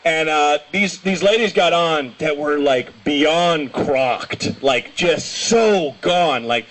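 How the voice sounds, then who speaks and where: A young man doing a stand-up comedy set, telling rambling stories and breaking into shouted impressions. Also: fairly high pitch, takes it slowly. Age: young adult. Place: small comedy show venue.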